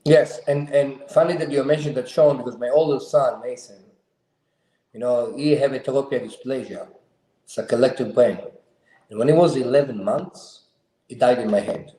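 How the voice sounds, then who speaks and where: A man's voice: mid-range voice, moderate pace, warm tone. A man hosting a show, telling a heartfelt story about his sons in an earnest, emphatic way with slightly non-standard grammar. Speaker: show host. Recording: roomy echo.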